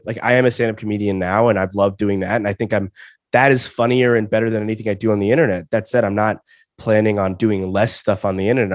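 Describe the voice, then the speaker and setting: A man's voice: fairly low pitch, dry recording, clean studio sound. A young man in his twenties from Alabama, a comedian guest on a casual interview, feeling sick and often stammering over restarts. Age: 20s. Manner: stammering restarts, repeats words.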